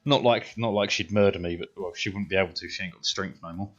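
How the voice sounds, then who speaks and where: Low-ish british guy, 30s, streaming, swearing nonstop, rambling stories, bit muffled, quiet music behind. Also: quick pace. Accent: British English. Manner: rambling, heavily profane, says "right?" a lot. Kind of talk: casual storytelling while gaming. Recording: dull stream audio, faint music.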